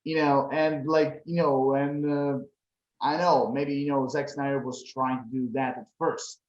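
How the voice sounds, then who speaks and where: A man's voice: mid-range voice, level tone, measured pace. A man from Croatia co-hosting a podcast, chatting casually about a movie and rambling with many fillers. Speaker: podcast co-host. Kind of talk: casual movie review chat. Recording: echoey room, dull lo-fi sound.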